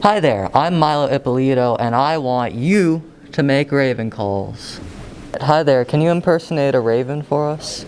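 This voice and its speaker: A man's voice: mid-range voice, normal speed, darkish tone, a little hiss or hum. A teenage boy, a student reporter, asking classmates for raven calls with self-mocking humor. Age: teens. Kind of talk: hallway interviews. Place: school hallways and classrooms. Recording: crowded school hallway.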